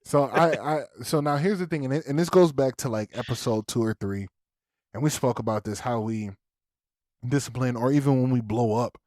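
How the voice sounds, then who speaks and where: A man's voice: medium pitch, normal speed, a little mellow, no echo, studio quality. A man co-hosting a podcast, telling a parenting story in casual chat and acting out the voices of his kids and himself. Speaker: podcast co-host.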